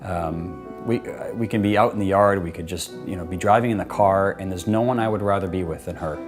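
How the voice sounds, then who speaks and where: A man's voice: low-pitched, fairly quick. A man casually telling how he proposed, talking loosely with lots of "like" and "you know" and quoting himself and his partner. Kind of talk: casual personal storytelling to camera. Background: soft guitar music.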